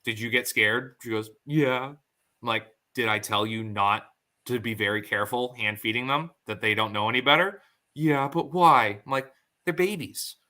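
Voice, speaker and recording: A man in his thirties with a bright, clear voice, chatting casually as a podcast host. He tells stories with energy and slips into the voices of the people in them as he goes. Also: medium pitch, moderate pace. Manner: animated storyteller acting out quotes.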